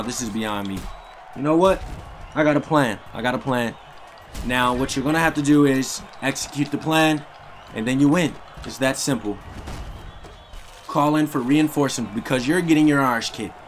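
A young man giving loud, slangy live commentary while playing a fighting game, trash-talking his opponent and swearing often. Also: medium pitch, normal speed, faint music behind. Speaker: gaming streamer.

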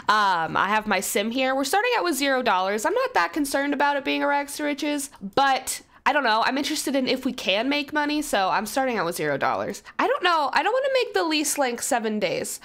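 A young woman giving casual, chatty commentary over her life-simulation gameplay, self-mocking and loudly surprised at twists. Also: high voice, very animated, fairly quick. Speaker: gaming YouTuber.

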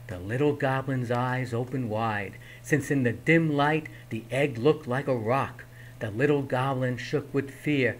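A man's voice: mid-range voice, measured pace. Man reading a picture book aloud. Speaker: reader.

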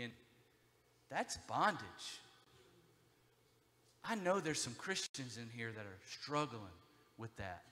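Bright-voiced pastor preaching in a reverberant church. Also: male voice, medium pitch, sing-song, slow, long pauses. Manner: swings from hushed intimacy to loud preaching. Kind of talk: sermon. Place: church sanctuary.

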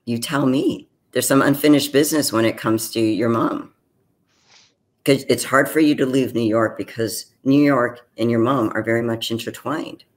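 A man speaks as a therapist in a mid-range voice. He keeps an even, calm tone and leads the talk with probing questions. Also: medium pitch, normal speed. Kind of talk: counseling conversation.

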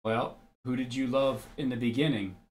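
A man's voice: medium pitch, fairly even intonation, moderate pace, a little hiss or hum. A man giving casual religious commentary, blunt and argumentative, who swears freely and reads scripture aloud.

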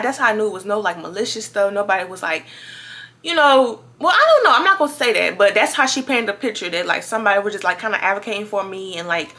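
A twenty-year-old woman from Louisiana, telling a story in a chatty, animated vlog to her viewers. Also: mid-range voice. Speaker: vlogger.

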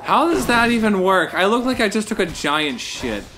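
A man co-hosting a let's-play video, excitable and profane, often exclaiming as he plays. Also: high-pitched, moderate pace, background noise. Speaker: co-host gamer. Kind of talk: casual let's-play banter.

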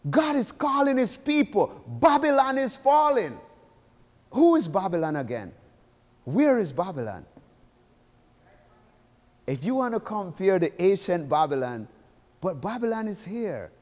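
A man preaching a sermon with urgency, swinging between soft asides and loud declaiming, in a church sanctuary. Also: sits high, long reverb tail.

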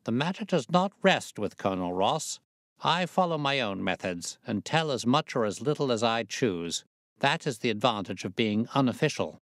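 A man reading the part of a sharp, confident male detective, crisp and faintly amused. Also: mid-range voice, expressive, normal speed, no echo, clean studio sound, lightly acted.

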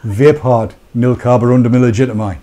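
Unhurried and medium-pitched, this man co-hosts a live-streamed vaping talk show, keeping the chat casual with plenty of joking and animated side comments.

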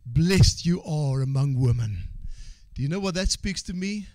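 A man preaching a sermon as pastor. He moves from quiet asides to shouted exhortation, repeats phrases and calls out for amens from the congregation. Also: fairly high pitch, animated, measured pace, no room sound.

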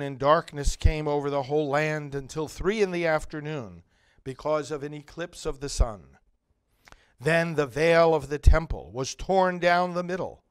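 A middle-aged male priest reading scripture and preaching a homily in slow, measured, solemn phrases. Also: a little high, clean tone.

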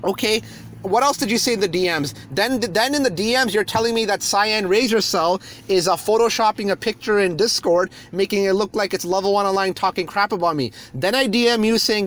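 A man's voice: high-pitched, a little fast, fairly bright tone. A man on his YouTube channel, ranting heatedly and hurling insults from a parked car. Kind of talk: angry rant video.

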